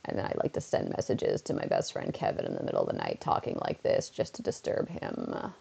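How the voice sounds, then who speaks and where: A woman putting on a creepy, croaking, ghostly whispered voice, low and gravelly with no tone behind it. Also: huge pitch swings, a little fast, dark tone, exaggerated voice. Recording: dull lo-fi mic.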